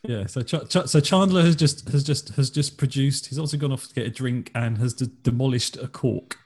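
A man's voice: medium pitch, brisk, darkish tone, breathy edge. A man co-hosting a casual podcast, narrating what his friend is doing.

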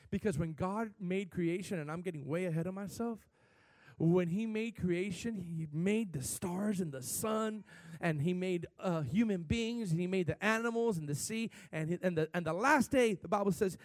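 A male pastor preaching a sermon, talking candidly and then building to loud, emphatic declarations. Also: high-pitched, animated, normal speed, no echo.

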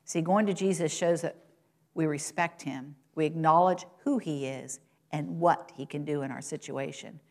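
A woman with a slightly low voice preaches a sermon to her congregation. She asks them rhetorical questions and moves between raised, high-pitched emphasis and quiet, low remarks. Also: normal speed. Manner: rises in pitch and volume for quoted lines and exclamations, drops low and soft at points.

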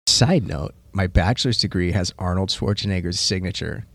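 A man in his thirties talks through his life story as a podcast guest, rambling earnestly with a ready laugh. His voice sits very low. The studio recording is close and completely dry. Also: moderate pace, gravelly, no room sound. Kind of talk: casual interview chat.

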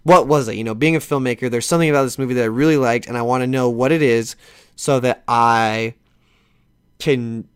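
A man hosting a podcast speaks fairly quickly in a clear, resonant, mid-range voice. He rambles through a long, casual story with restarts and a bit of swearing, getting more lively as he retells conversations.

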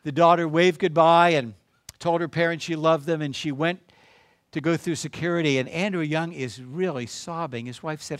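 A man's voice: on the high side, steady tone, normal speed, dry recording, studio quality. A man preaching as a guest to a congregation, telling a story and then urging listeners on with emphatic exhortation. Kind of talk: sermon.

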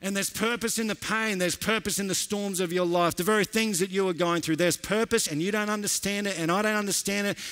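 A man preaching as a pastor, an animated storyteller who repeats lines for emphasis. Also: sits high. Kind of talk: sermon with storytelling.

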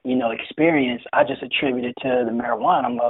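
A young man telling his own story as an interview guest, hesitant and full of fillers and restarts, with a husky voice. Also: medium pitch, big pitch swings, fast. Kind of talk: personal story in conversation. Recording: tinny phone-like line.

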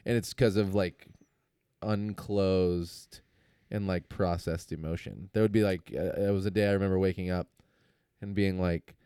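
A man co-hosting a podcast in casual chat, joking around and reacting fast. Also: deep voice, fairly even intonation, dark tone, clear, resonant tone, no room sound, clean studio sound. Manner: joking, quick reactions, swears. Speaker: podcast co-host.

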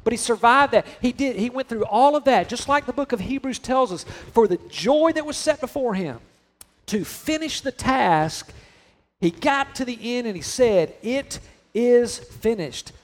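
High-voiced preaching pastor. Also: male voice, expressive. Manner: conversational preaching with humor, drawn-out emphatic phrases. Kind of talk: sermon.

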